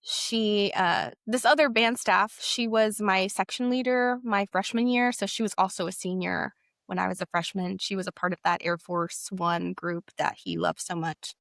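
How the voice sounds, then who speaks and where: A young woman recounts her own story in a candid, reflective way, with plenty of casual fillers. Her voice sits at a middle pitch, and the recording is dry and close with no room sound. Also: fairly even intonation, moderate pace, vocal fry, fairly bright tone, no echo. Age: young adult. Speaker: interview guest. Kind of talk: personal storytelling.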